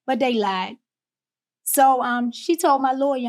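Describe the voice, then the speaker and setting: This is a woman from Baltimore, a guest on a podcast, recounting her own past in plain, candid words. Her voice sits a little high, and she turns quiet and tender when the memories hurt. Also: measured pace. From Baltimore, USA. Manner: candid, emotional, drifts soft on painful parts. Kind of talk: personal storytelling.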